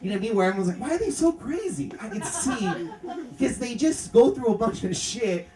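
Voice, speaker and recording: A man's voice: sits high, lively intonation, brisk, distant mic. A man from Canada doing a stand-up comedy set, rambling and profane with constant "like" fillers. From Windsor, Canada. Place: comedy club stage. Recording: echoey club from afar with crowd laughter.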